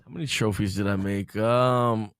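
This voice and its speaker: A man's voice: on the low side, fairly even intonation, normal speed, smooth, no echo. A man, a guest DJ, chatting casually in a studio with a laid-back storytelling manner. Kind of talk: casual chat. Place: radio studio.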